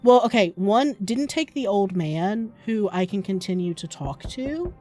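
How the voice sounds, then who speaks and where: A woman's voice: medium pitch, expressive, a little slow, few pauses, warm tone, soft background music. A woman streamer giving casual gameplay commentary in a chatty manner. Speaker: game streamer.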